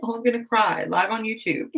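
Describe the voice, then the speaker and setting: A young woman with a fairly high, somewhat bright voice chats casually at normal speed during a live craft stream from her home craft room. Scatterbrained and self-deprecating, she laughs at herself often.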